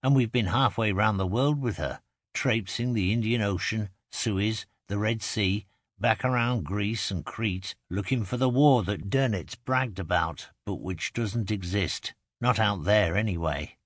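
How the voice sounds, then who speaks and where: Male audiobook narrator, low voice, measured first-person telling, dry booth. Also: no room sound. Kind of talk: scripted narration.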